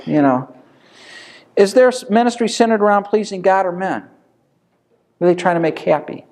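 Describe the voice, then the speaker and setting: A man's voice: high-pitched, animated, normal speed, a little mellow, a little hiss or hum. Man teaching an informal Bible study. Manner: conversational, asks rhetorical questions then answers them.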